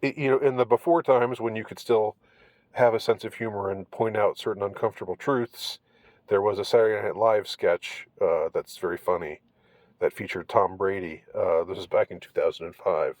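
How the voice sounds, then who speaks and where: A man with a low voice talks through an article in casual, wry commentary. He rambles and halts, restarting his sentences often. The sound is dry and close. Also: no echo. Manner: rambling, halting, many restarts.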